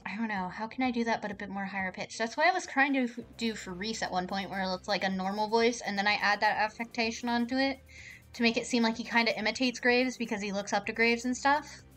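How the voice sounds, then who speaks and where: A woman streams a game live, talking in an excitable, rambling way full of swearing. Her voice sits fairly high, with faint music playing behind her. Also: fast.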